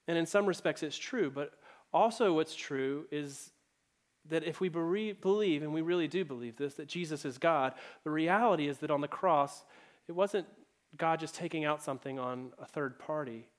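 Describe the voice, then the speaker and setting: A man delivers a church sermon in a slightly high voice. He tells stories in an easy, conversational way and briefly voices the characters as he goes. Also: moderate pace. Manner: conversational storytelling preacher, acts out quoted voices. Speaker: pastor.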